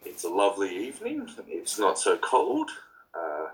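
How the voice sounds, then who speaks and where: A man's voice: low voice, huge pitch swings, moderate pace, poor audio. A man hosting a podcast, chatting in a blunt, laid-back way with swearing and banter. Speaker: podcast host. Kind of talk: casual podcast chat.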